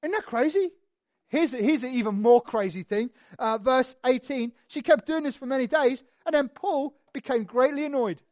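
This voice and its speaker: A preacher giving a sermon, telling the story in an animated, conversational way with lively asides. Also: sits high, normal speed, no echo, clean studio sound.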